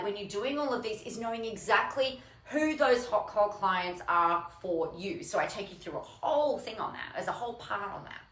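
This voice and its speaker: A woman hosting a casual video, unboxing her own book and gushing with excitement. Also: mid-range voice. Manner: gushing and excitable, bursts of squealing. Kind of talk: casual live video chat. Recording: roomy echo.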